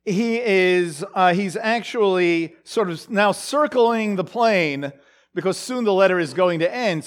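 A man with a high-pitched voice gives a relaxed Bible teaching, working through the text out loud. He talks haltingly, with many fillers and restarts, and keeps checking in with his listeners through questions. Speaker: preacher.

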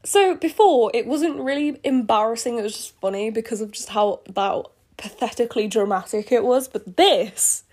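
A woman's voice: fairly high pitch, moderate pace, few pauses, a little mellow. A woman in her twenties reading her old fan fiction aloud and commenting on it, laughing and mocking herself. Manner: giggly, self-mocking, cringing. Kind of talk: embarrassed read-aloud commentary. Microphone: earphone listeners, close mic.

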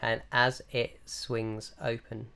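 A man running a tabletop game as game master, narrating scenes in a descriptive, unhurried way with frequent fillers. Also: mid-range voice, flat delivery, vocal fry, sharp tone, clear, resonant tone.

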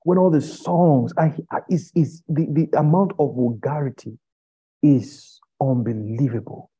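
A man preaching an impassioned sermon, firing rhetorical questions at his listeners and rising to loud pleading. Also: mid-range voice, a little slow, breathy edge. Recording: dull lo-fi recording.

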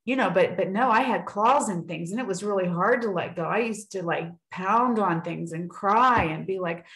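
This woman speaks at medium pitch and normal speed with a slightly bright tone, captured in a low-quality, reverberant recording. Talking casually on a video call, she recounts her own faith story with sincerity, voicing the quotes of others as she goes.

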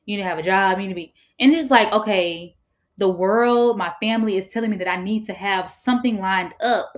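A young woman in college chatting casually about faith, lively, laughing and filling with "like". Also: medium pitch, fairly quick. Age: young adult. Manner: lively, laughing, filler-heavy, affirms often.

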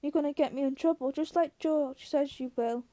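A woman reading aloud, voicing a big, simple-minded, gentle man who talks in a plain folksy drawl and pleads like a child. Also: sits high, fairly even intonation, normal speed, no room sound, close to an everyday voice. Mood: pleading.

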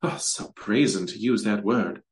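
A slow, hushed swamp hag, as a man puts her on for an audiobook fantasy tale. She is an ancient monstrous female creature, coy and menacing, and she purrs her words in a low register. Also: close to an everyday voice, poor audio. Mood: purring.

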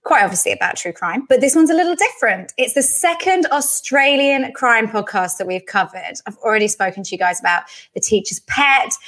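A woman's voice: fairly high pitch, lively intonation, fairly quick, few pauses, a bit bright. A woman hosting a podcast, chatting casually and laughing easily with a friend. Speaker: podcast host. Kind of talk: casual chat.

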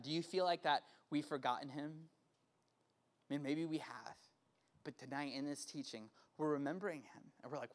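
A man's voice: a little high, normal speed. A male pastor preaching in a casual way that keeps checking in with "right?", then leading the room in prayer. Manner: grows loud and fervent in prayer. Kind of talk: sermon, then guided prayer.

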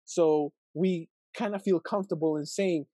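A young man talks through a Bible passage in a relaxed, thinking-aloud way, full of fillers and questions to himself. His voice sits a little high for a man yet sounds mellow and warm. The sound is dry and close, with no room echo. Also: normal speed. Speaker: video host reflecting on scripture. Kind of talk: casual Bible reflection video.

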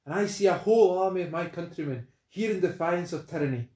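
A man with a Scottish accent voicing a rousing Scottish warrior man rallying troops in a booming, defiant cadence. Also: fast, mellow, natural voice. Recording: echoey room.

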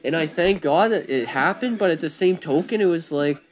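A man giving a blunt, profane, animated rant about being yourself and not following the crowd, talking casually to listeners. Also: a little high, normal speed. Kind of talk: casual monologue.

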